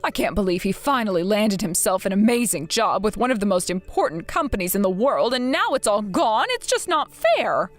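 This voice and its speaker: A woman voicing a whiny, manipulative older mother who pleads and guilt-trips in an animated story. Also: mid-range voice, a little fast, hardly any pauses, soft background music, natural voice. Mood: self-pitying.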